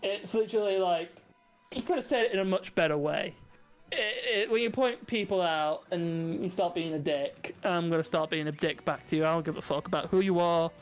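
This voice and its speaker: A man's voice: fairly high pitch, brisk, soft background music. A man, co-hosting a casual podcast chat, brash and profane, laughing often. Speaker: podcast co-host.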